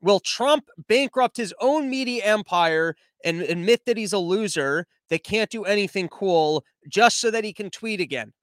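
A sarcastic male podcast host with a high voice runs through his list of topics in a loose comedic monologue. He wanders into tangents and mocks his subjects. The sound is dry and close on the mic. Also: animated, normal speed, few pauses, a bit bright, no room sound. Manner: sarcastic, rambling, tangent-prone.

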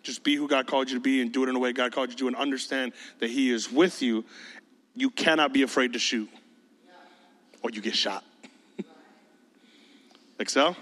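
A man's voice: mid-range voice, moderate pace, pauses often, fairly bright tone, big-room sound. A man preaching to his youth group in a casual, joking way, often mimicking teenagers' voices. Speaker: youth pastor. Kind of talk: sermon.

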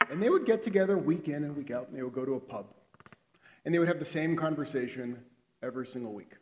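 Animated man preaching in a reverberant hall. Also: a little high, slight background noise. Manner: animated storyteller, acts out the characters' lines. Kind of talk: sermon with a told story.

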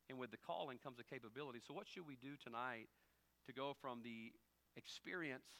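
A male pastor preaching a sermon, telling humorous stories and jumping from quiet asides to loud, high exclamations. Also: fairly quick, creaky. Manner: humorous storytelling with acted dialogue.

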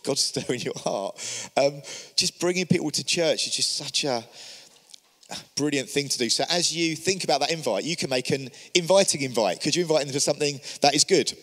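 A man's voice: a little high, moderate pace, fairly bright tone, in a large hall. A man giving an encouraging church teaching talk, speaking earnestly and asking many rhetorical questions. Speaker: church leader.

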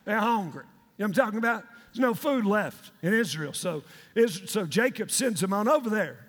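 A pastor preaching in a large church hall, with long reverb ringing after his words. His voice is very high and lively, bouncing up and down as he jokes and tells the story in slang. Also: brisk. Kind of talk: sermon retelling a story.

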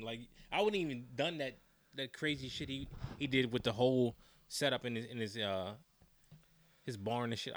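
A man co-hosting a casual podcast, loud, blunt and joking, full of profanity. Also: medium pitch. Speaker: podcast co-host. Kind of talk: casual chat.

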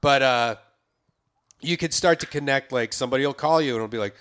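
A man's voice: medium pitch, fairly quick, fairly bright tone, smooth. A man hosting a podcast, talking in a rambling, reflective way with many fillers. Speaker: podcast host. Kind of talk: casual chat.

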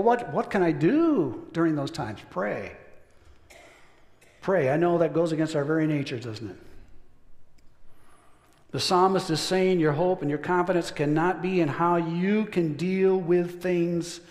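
A man preaching a sermon, emphatic, climbing to exclamations and sinking to hushed lows. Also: lively intonation, normal speed. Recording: long hall reverb.

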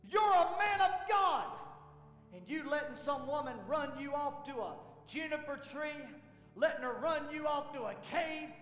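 A man acting out the voice of God, sternly rebuking a prophet in a loud, emphatic sermon delivery. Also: very high voice, lively intonation, a little slow, echoey room, long reverb tail, soft background music, voice pushed up, heavily acted. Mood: scolding. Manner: rebuking, emphatic, rising to shouts.

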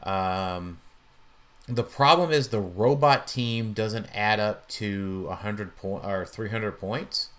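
A man co-hosts a relaxed chat about a tabletop miniatures game. His voice is on the low side, and he speaks haltingly, restarting often and filling gaps with ums. He comes across as agreeable and easygoing. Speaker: podcast co-host.

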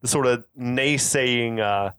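A man's voice: medium pitch, slow, a bit bright, smooth. Enthusiastic man swearing in casual chat. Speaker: podcast co-host.

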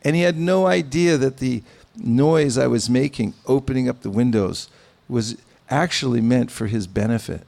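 A man giving a devotional sermon, speaking in a measured, pausing way with gentle humor. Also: mid-range voice, vocal fry. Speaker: spiritual teacher. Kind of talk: sermon with anecdotes.

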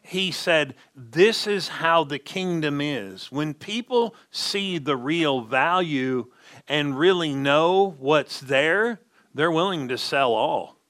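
A man's voice: on the high side, animated, takes it slowly, fairly bright tone. A man preaching a sermon as pastor, stressing key words and checking in with the congregation.

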